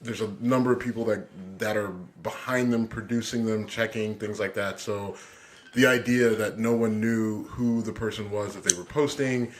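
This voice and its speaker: Low-voiced, hesitant male podcast co-host. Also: fairly even intonation, normal speed, a little hiss or hum. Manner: hesitant, many fillers and restarts, laid-back. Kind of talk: casual podcast banter. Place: studio.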